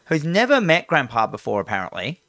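A woman's voice: very deep voice, fairly quick, no room sound. A woman chatting casually about a film she watched, swearing freely and acting out lines from it. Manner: animated, swears freely, acts out quotes. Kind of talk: casual film recap chat.

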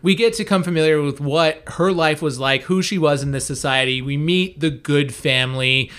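Animated male podcast co-host. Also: on the high side, clear, resonant tone. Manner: animated, quick, wry. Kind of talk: casual movie review chat.

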